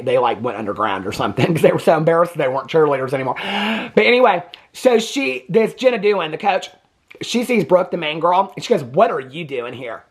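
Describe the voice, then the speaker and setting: A man's voice: a little high, a bit bright, slightly rough. A man giving a casual, gossipy recap of a movie as a reviewer, chatting with asides and laughs.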